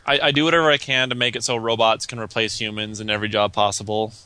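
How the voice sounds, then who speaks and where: A man's voice: on the low side, little pitch movement, fast, bright, forceful tone, clean tone, no echo. A man co-hosting a gaming podcast in a playful, hammy way. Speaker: podcast co-host. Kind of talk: casual gaming podcast chat.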